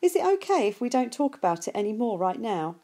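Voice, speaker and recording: Earnest ten-year-old boy, read by a woman in a warm, mellow voice, lightly raised and quick. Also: on the high side, sing-song, pitched above the performer's own voice.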